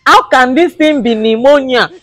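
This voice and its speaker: A man's voice: very high-pitched, normal speed, a bit bright. Mock-outraged comic man. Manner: mock-outraged, pleading, broken English for laughs. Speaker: comedian. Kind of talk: comic monologue to camera.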